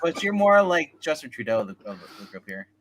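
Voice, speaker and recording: A man co-hosts a loose comics livestream, joking with the others and running the sign-off. His tone is bright and crisp, and his pitch sits a bit high. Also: big pitch swings, a little fast, slight background noise. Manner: joking, wraps up with channel announcements. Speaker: co-host. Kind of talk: casual chat.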